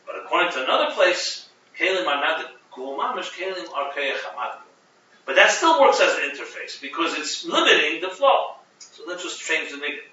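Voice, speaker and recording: Animated man teaching from a distance. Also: on the high side, a little fast. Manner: animated, explains with many restarts, mixes Hebrew terms. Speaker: class teacher. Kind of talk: Chassidic text class. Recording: muffled, echoey room, from a distance.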